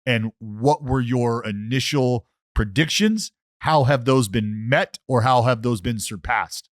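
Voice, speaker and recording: A podcast host with a mid-range male voice and a dry, close recording. He strings long questions together with many clauses and asides. The talk is relaxed and conversational. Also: mid-range voice, a little slow, dry recording. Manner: long, winding, wordy questions. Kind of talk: interview questions in casual chat.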